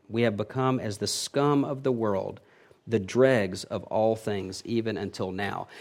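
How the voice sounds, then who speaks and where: A man preaching an expository sermon, reading verses aloud and explaining them with emphatic swells and frequent restarts. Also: medium pitch. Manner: emphatic, rising and falling in loudness, self-correcting restarts. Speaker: pastor.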